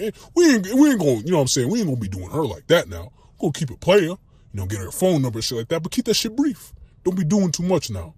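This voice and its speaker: A young Minnesota man gives a loose, slangy, profane comedy monologue as a YouTuber, his pitch swinging animatedly. His voice has a breathy edge, and the recording is dry.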